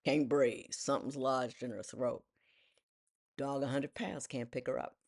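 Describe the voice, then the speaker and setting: A woman in her sixties tells a personal story in a lively, self-mocking way, briefly putting on the voices of the people she quotes. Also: extremely low pitch, unhurried. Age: 60s. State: widowed. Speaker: vlogger.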